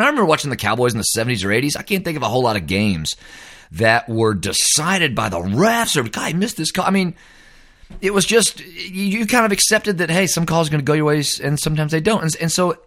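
A middle-aged man delivers a sports opinion monologue. His voice swings widely in pitch as he rants, sounding exasperated and emphatic. He stays blunt and heated throughout. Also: a bit bright. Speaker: host.

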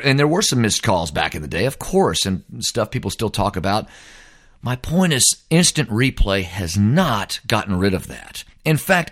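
A man's voice: medium pitch, fairly bright tone. A middle-aged man, hosting a ranting, emphatic sports commentary monologue. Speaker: host.

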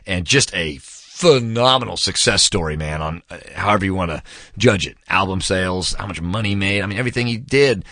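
Guy with a low bright voice rambling through a story, lots of ums and "man", dry close sound. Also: lively intonation, brisk, dry recording. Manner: laid-back, anecdotal, many fillers and "man". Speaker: book reviewer.

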